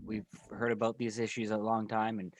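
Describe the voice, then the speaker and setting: A man's voice: on the low side, completely flat delivery, fairly quick, a little hiss or hum. A man who is a player in a tabletop game, speaking in character in an earnest, stammering way. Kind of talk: in-character role-play.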